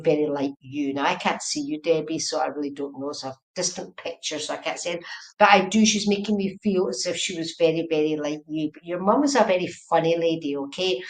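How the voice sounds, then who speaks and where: A woman with a lowish voice gives a live tarot and mediumship reading in a chatty, repetitive way. She keeps checking whether her words make sense. The room around her is echoey. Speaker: psychic medium. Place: indoors at home, room with a heater.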